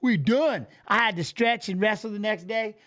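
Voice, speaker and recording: A man in his forties with a notably high-pitched voice hosts a casual livestream. He rambles in a loose, chatty way and calls out to his viewers by name. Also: steady tone, a little fast, pushed and bright. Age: 40s. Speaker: livestream host.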